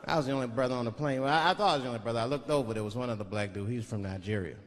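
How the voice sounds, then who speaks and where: A man's voice: mid-range voice, racing. A man doing a stand-up comedy set, storytelling loosely and dropping into voices. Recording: live stand-up hall with audience. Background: audience laughter.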